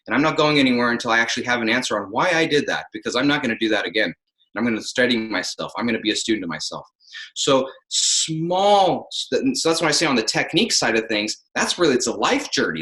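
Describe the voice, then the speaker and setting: Guy in a podcast interview, bright voice, acts out example lines, echoey room. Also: mid-range voice. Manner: explains with acted-out example phrasings. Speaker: audiobook narrator and coach.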